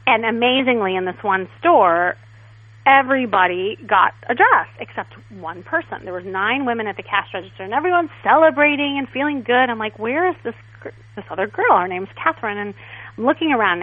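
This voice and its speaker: A woman's voice: a little high, brisk, no echo. Chatty woman on a tinny phone line. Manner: chatty, animated storytelling. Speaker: guest stylist. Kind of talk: casual interview.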